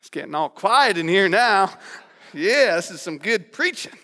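High-voiced pastor preaching in an echoey hall. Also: male voice, big pitch swings, normal speed, sharp tone. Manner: emphatic, conversational preaching with playful repetition. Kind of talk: sermon.

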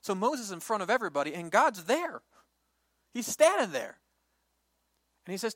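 A man preaching a lively sermon, retelling a Bible story and acting out its characters in quick voices. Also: high voice, no room sound. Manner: animated, acts out the people and God in quick voices.

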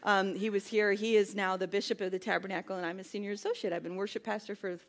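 A woman's voice: mid-range voice, level tone, fast talker. A woman in her thirties, a worship pastor, giving a sermon in a chatty, self-deprecating way that builds into emphatic preaching. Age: 30s.

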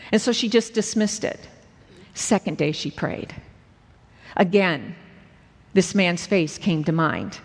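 A woman preacher telling a story in a sermon, earnest and slowing down at dramatic moments. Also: fairly low pitch, animated. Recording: echoey hall with long reverb.

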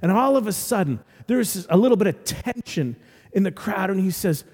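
A man preaching a sermon, telling the story in an animated way with humorous asides. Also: sits high, moderate pace, big-room sound. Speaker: pastor.

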